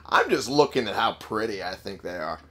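A man's voice: fairly low pitch, animated, a little fast, sharp tone. A man casually commenting on a game he is playing, goofy and joking, swearing freely. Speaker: let's play gamer.

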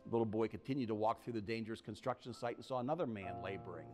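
A man, a parish priest, giving a short homily and telling a story with slow, emphatic phrasing. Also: fairly low pitch, music in the background.

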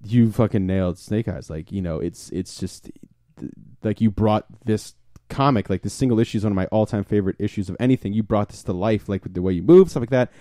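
A young man talks fast, rattling through a convention story and acting out each exchange. His voice is dark and mellow, recorded close and dry with no room sound. He swears freely and keeps the casual chat going. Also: lowish voice, dry recording. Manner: excited storyteller, swears freely, acts out quotes. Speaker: podcast co-host.

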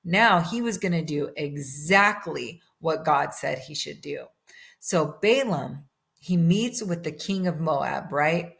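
A woman teaching children a Bible story at church. She speaks slowly in a lowish voice, telling it in an animated way and stopping to ask her young listeners questions. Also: vocal fry.

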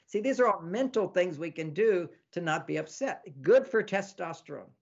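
A man's voice: high-pitched, moderate pace, gravelly, hardly any pauses, muffled recording. A man, an author guest in an interview, explaining ideas in a teaching manner and acting out bits of dialogue. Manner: animated, acts out dialogues; teaching, repeats lists. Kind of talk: interview talk.

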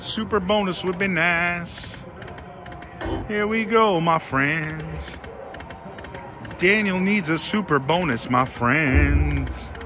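A man's voice: fairly high pitch, background noise. A man giving casual live commentary while gambling at a casino slot machine, talking to his viewers in a dramatic, theatrical way.

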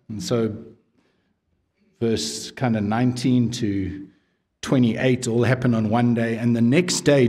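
Man, pastor, expository sermon, conversational, asks listeners questions, low quiet voice for emphasis. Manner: asks the audience casual questions.

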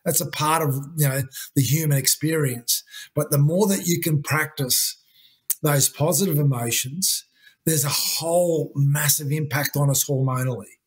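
A husky, slightly higher-pitched man. He talks earnestly and at length as a coaching guest in a conversational interview, looping back on his points. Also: moderate pace. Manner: earnest, repetitive, uses "you know" and "mate".

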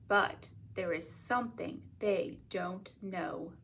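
A woman from a library reading a picture book aloud as a bedtime story, in a gentle read-aloud manner. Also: lowish voice, slow pace, vocal fry, background noise.

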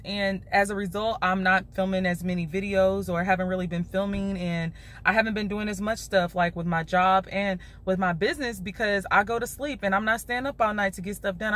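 A young woman vlogger with a Chicago accent talks directly to the camera in a chatty, casual way from her car, holding her phone at arm's length and often saying "y'all." Her voice is mid-range and a bit bright.

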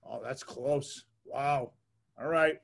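A man's voice: mid-range voice, fairly even intonation, slow pace, vocal fry, over a noisy crowd. A man hosting a podcast interview, chatting casually and enthusiastically, leaning on "like" as he talks. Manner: rambling, heavy use of "like", enthusiastic. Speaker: podcast host.

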